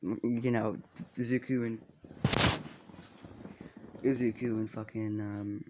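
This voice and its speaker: A man's voice: fairly low pitch, flat delivery, slow pace, muffled recording, noisy background. A man casually telling a fan story, rambling with lots of fillers and swearing.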